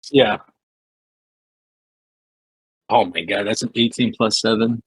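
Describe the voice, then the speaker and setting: A man with a husky, somewhat low voice plays in an online tabletop game. He speaks casually and asks the game master how the rules work. The sound is close and dry. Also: normal speed, dry recording, poor audio. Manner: casual, asking rules questions. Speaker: player.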